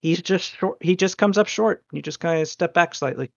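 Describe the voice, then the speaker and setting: A game master narrating a tabletop game in an earnest, deliberate way. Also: medium pitch, vocal fry, dry recording, lo-fi sound.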